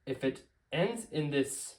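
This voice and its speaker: A man's voice: a little high, expressive, slow pace, darkish tone. A man teaching a casual whiteboard grammar lesson, explaining step by step and repeating key forms. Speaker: language teacher.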